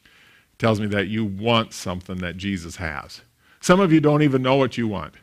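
A man, a pastor, preaching a sermon in an animated storytelling way, with big swings in loudness. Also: fairly low pitch, normal speed.

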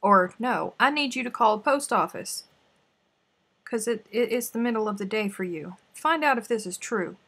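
A woman hosting a crochet livestream chats playfully with her viewers, answering their comments while she snacks. Her mid-range voice is husky and a bit bright, with lively intonation and a normal speaking speed.

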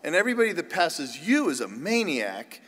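Priest, man, higher voice, humorous sermon storyteller, reverberant church. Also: big pitch swings, brisk, a bit bright. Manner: chatty and self-deprecating, with many restarts. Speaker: priest giving a parish mission talk.

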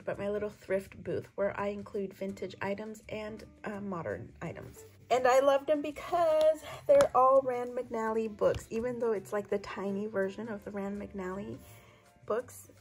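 A woman with a hoarse voice from a lingering cough, gushing chattily over her thrift haul in a casual vlog. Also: medium pitch, rough recording. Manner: gushing, chatty, lots of "so pretty".

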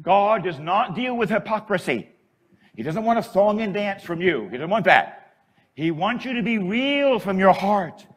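A man preaching as a priest, emotional, moving from hushed, soft lines to shouted passages. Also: sits high, animated, normal speed. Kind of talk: sermon.

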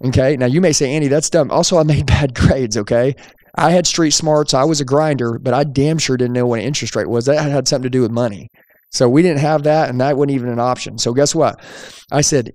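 In this storytelling monologue, a podcast host and sales trainer recounts an episode from his young adult years, now older, acting out the dialogue with energy and emphasis. He talks fast in a mid-range, darkish voice; the studio-quality sound has no room tone.

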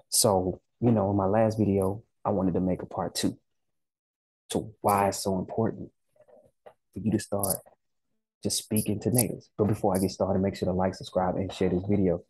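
A man's voice: deep voice, vocal fry, mellow, slightly rough, dry recording, poor audio. A man with a Southern US accent hosting a language-learning channel, talking casually and conversationally with lots of slang and "you know" asides. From Southern United States. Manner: laid-back, conversational, slangy, frequent "you know" and "right". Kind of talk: casual vlog talk.

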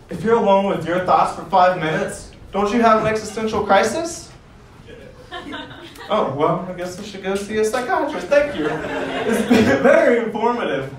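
A man's voice: high-pitched, reverberant, recorded from a distance, poor audio. A man doing a rambling stand-up comedy set in a club, laughing at his own jokes and dropping crude asides. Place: comedy club in front of a crowd.

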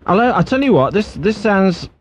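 A man hosting a late-night radio phone-in, moving callers along briskly. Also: sits high, sing-song, husky. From Merseyside. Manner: brisk, cuts callers short. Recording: muffled radio broadcast with faint noise.

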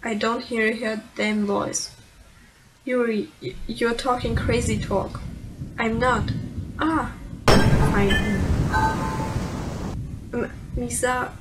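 A woman's voice: fairly high pitch, flat delivery, slow, heavy background noise. A woman with a German accent, a let's player reading game dialogue aloud and switching between English text and German remarks, with small stumbles. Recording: game music playing behind.

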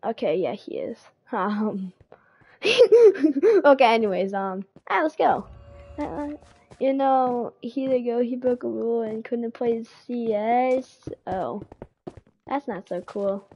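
Woman streamer, high pitch, excitable rambler who stammers and repeats words while chatting with viewers. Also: slow pace, highs cut off. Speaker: game streamer. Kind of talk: casual live-stream chat.

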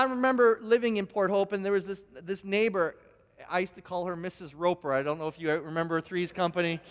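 A man preaching a sermon as pastor, telling stories in an animated, self-deprecating way with frequent restarts. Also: high-pitched. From Ontario, Canada. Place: church sanctuary. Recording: long church hall reverb.

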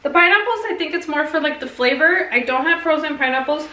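A woman's voice: sits high, quick pace, pushed and bright, reverberant, recorded from a distance. A young woman chatting casually in a cooking vlog in her kitchen, self-mocking and slipping Spanish words into her English. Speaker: vlogger. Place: home kitchen. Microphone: camera on tripod.

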